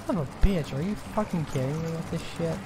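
A gaming video host plays a horror game and comments, growing exasperated at how confusing it is. He swears over and over and fires off rhetorical complaints in this frustrated let's play. His voice is fairly high and brisk, with heavy background noise.

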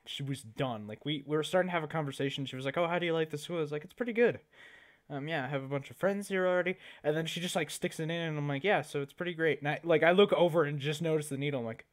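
A man's voice: fairly high pitch, fast talker. A teenage boy doing casual reaction commentary, rambling and chatty, laughing at his own jokes. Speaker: YouTuber reacting to videos.

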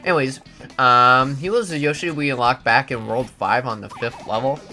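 A man hosting a video game let's play, talking to the game with sudden loud outbursts. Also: medium pitch, normal speed. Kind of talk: gameplay commentary. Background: game music.

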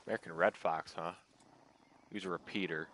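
A man's voice: deep voice, fairly even intonation, brisk, a bit bright, slight background noise. A man streaming a game live, chatting casually, swearing and talking to the animals on screen. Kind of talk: live gameplay commentary.

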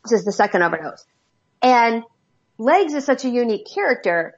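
A woman's voice: on the high side, big pitch swings, a little fast, breathy edge, highs cut off. A woman speaking as an addiction specialist guest, telling stories candidly and bluntly. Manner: blunt, emphatic. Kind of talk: candid interview storytelling.

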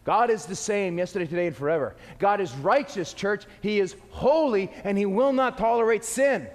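High-voiced male preacher. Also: moderate pace, in a large hall. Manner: animated, acting out little scenes. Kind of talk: sermon.

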